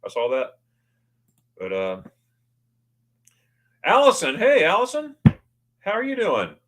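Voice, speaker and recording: A man hosting a casual livestream, greeting viewers by name and reading their comments, excitable and often stammering as he restarts his words. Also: high voice, takes it slowly. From United States. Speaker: livestream host.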